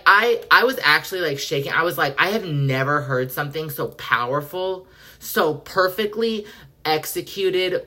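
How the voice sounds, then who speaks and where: A woman's voice: low-pitched, bright, forceful tone. A woman hosting a podcast in casual pop culture chat, effusive and profane, acting out quotes dramatically. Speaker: podcast host.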